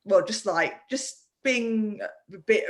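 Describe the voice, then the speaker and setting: A woman's voice: medium pitch, slow. A woman hosting a casual video-call chat, telling a story in a chatty way and laughing easily. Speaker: host.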